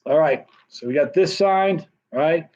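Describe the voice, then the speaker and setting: On a casual livestream, a man rambles through a friendly pitch for signed hot sauce. His voice is a little high and darkish, and he keeps a measured pace. The audio is dull, muffled and lo-fi.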